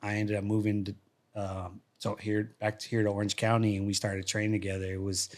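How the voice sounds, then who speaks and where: A man's voice: fairly low pitch, little pitch movement, a little fast, a little mellow. A man telling stories in a casual studio interview, speaking loosely with frequent restarts and repeated words. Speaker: guest, former fighter and coach. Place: podcast studio.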